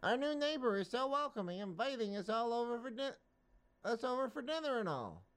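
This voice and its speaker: A man reading a comic strip aloud, voicing a naive, cheerful little mosquito in a high chirpy voice. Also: big pitch swings, a little fast, a bit bright, clear, resonant tone, full character voice.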